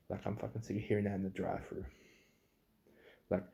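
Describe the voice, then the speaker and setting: Gravelly low-voiced man ranting. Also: warm tone. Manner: blunt, swearing, acts out customers in quotes. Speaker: fast food worker. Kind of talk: casual storytelling rant.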